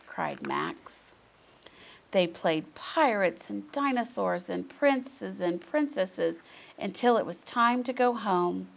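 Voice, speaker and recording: A woman reading a children's bedtime story aloud, expressive and unhurried. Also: medium pitch, creaky. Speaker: storytime reader.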